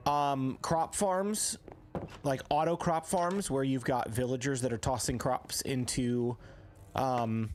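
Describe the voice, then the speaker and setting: A man's voice: medium pitch, steady tone, takes it slowly. A man streaming a game live, chatting casually and answering viewers as he plays. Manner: chatty, reads chat aloud and answers viewers. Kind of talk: live gameplay stream chat.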